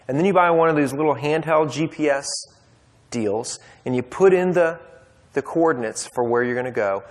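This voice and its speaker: A man telling a personal story at a Bible study, casual and conversational with fillers and restarts. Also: medium pitch. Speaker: speaker at a men's Bible study. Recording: long hall reverb.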